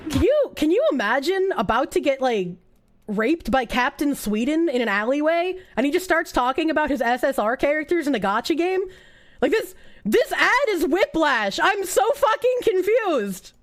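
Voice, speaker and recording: A woman's voice: high voice, big pitch swings, moderate pace. A woman streaming live, reacting in a sarcastic, incredulous and profane way with frequent laughs. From United States. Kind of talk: casual livestream reaction.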